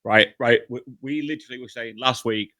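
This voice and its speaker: Excitable young man, dry sound. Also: medium pitch, fairly quick, dry recording. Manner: excitable, repeats himself, says mate. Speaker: podcast co-host. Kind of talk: casual chat.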